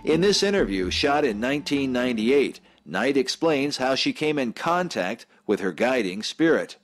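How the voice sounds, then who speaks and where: A man reading a scripted documentary narration in a measured, grave manner. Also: medium pitch, very animated. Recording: voice-over with music behind.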